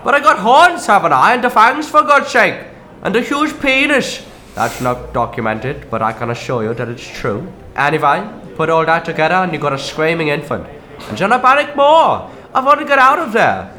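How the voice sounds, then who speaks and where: A man voices a grumbling, self-pitying Christmas demon, horned and fanged, in a comedy sketch, sounding gruff, aggrieved and quick to anger. His delivery is natural, at medium pitch with fairly even intonation and a slightly bright tone.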